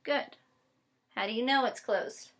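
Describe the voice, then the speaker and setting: A woman teacher giving a patient one-on-one phonics lesson, modeling each step slowly and spelling words out letter by letter. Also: a little high, fairly bright tone. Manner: slow, deliberate modeling with frequent check-ins. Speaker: special education teacher.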